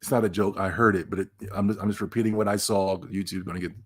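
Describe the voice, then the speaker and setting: A man's voice: sits low, fairly even intonation, fast talker, husky. A man hosting a podcast, giving casual gaming news commentary in a sarcastic, emphatic rant with laughs between remarks. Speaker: podcast host.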